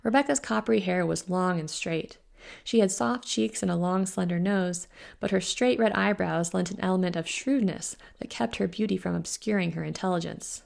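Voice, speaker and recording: Woman author, audiobook narration, steady, even, low, gravelly fry. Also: normal speed. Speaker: author reading her book.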